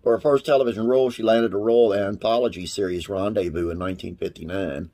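A man's voice: fairly low pitch, steady tone, fast talker, dark tone. A man hosting a classic TV trivia channel, reading facts aloud and wandering into folksy, rambling asides with religious sign-offs.

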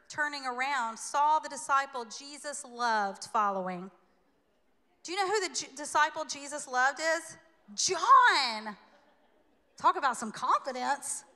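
A woman from the American South delivers a sermon in a church. Her voice is bright and a touch high, and her delivery stays conversational and animated, with playful asides. The sanctuary adds a long, ringing reverb. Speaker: preacher.

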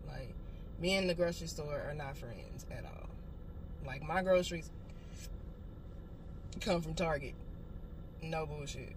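A woman's voice: deep voice, measured pace, long pauses. A woman chatting casually to viewers in her vlog, cursing and laughing as she goes. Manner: profane, laughing, talks to viewers as y'all. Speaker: vlogger. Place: car and on the go. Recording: loud car and road noise. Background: vehicle noise.

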